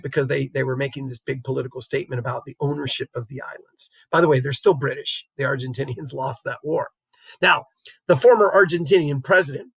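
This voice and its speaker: A male teacher talks through a slideshow lesson in a relaxed, chatty manner, tagging his points with quick checks and little chuckles. His voice sits a touch high for a man and has a faint husky edge. The sound is close and dry, with almost no room around it. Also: no room sound. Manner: conversational, keeps adding "right?" checks; chuckles while explaining. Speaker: geography teacher. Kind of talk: recorded classroom lecture over slides.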